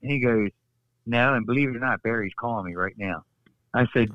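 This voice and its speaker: A man, a former wrestler, telling stories on a podcast in a casual, animated way, acting out quotes. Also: brisk, no echo, lo-fi sound. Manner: animated, acts out quotes with raised pitch. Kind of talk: casual storytelling.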